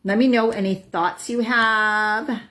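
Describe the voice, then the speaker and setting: A woman in her forties, a wellness coach, calmly guiding a tapping practice and checking in with "right?" and "okay?". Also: a little high, takes it slowly. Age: 40s. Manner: soothing affirmations with frequent "right?" and "okay?". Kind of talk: guided self-help demonstration.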